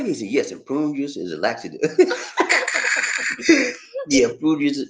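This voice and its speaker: An American man hosting a casual live stream from home, reading out viewer names, laughing often and talking in a lively, easygoing way. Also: mid-range voice, unhurried. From United States. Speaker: vlog host reading live chat.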